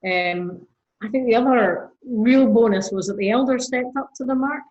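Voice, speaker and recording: A woman's voice: on the high side, normal speed, a little mellow, muffled recording. A woman with a Scottish accent, a church minister chatting casually as a podcast guest, with lots of fillers. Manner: chatty, frequent fillers and laughs.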